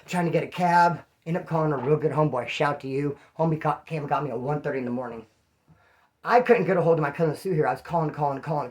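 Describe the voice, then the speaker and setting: A man telling a rough personal story in casual, profane street slang. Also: fairly high pitch. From California. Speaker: vlogger.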